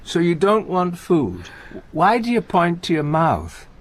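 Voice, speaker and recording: An actor playing a gentle, anxious older comedian in a radio play, talking in halting, stammering restarts. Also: male voice, high-pitched, huge pitch swings, heavily acted. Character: aging male comedian, gentle, anxious, talkative. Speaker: visiting friend and comedy partner.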